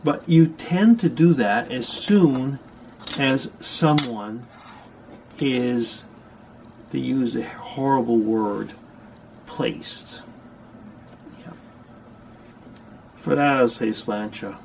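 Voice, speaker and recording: A man's voice: medium pitch, drawn-out words, creaky, long pauses, darkish tone. An older man chatting casually to camera from a room at home, rambling with dry asides. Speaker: vlogger. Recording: faint scanner hum behind. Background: slide scanner noise.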